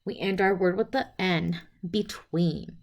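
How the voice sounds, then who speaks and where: A woman presenting a phonics lesson, speaking clearly and sounding out each letter and sound one at a time. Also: fairly low pitch, unhurried, a little mellow. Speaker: teacher presenting a literacy lesson. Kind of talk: instructional presentation.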